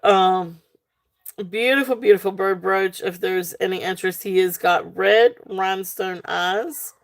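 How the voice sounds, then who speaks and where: Slow, giggly Southern woman selling jewelry. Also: medium pitch. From Southern United States. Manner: giggly, chatty, frequent ums. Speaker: live sale host. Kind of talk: casual live-stream selling.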